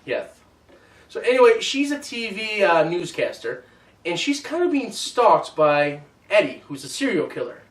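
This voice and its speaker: Man, casual movie review chat, lively swooping pitch, a bit high, roomy echo, mic far off. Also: normal speed. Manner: animated, joking, teasing.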